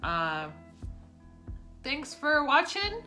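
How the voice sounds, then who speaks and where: A woman's voice: sits high, wildly swooping pitch, extremely slow, pushed and bright. Chatty young woman vlogger over guitar. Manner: chatty, playful, finishes her partner's sentences. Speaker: vlogger, English teacher in Korea. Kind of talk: casual chat. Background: guitar music.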